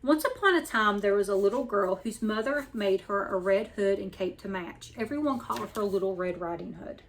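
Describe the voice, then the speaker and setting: A woman hosting a weekly story time, reading a picture book aloud in an even storytelling manner. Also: mid-range voice, normal speed, slight background noise. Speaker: storyteller host.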